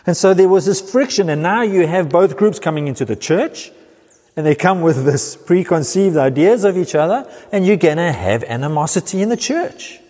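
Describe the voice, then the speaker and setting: A man's voice: high voice, lively intonation, darkish tone, husky. Earnest male preacher in a reverberant hall. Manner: earnest preaching with slow emphatic pauses. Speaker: pastor. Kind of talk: sermon.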